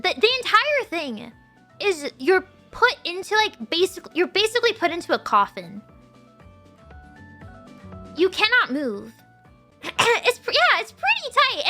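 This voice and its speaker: A woman streamer in casual story-time chat, animated and laughing often as she acts out what people said. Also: very high voice.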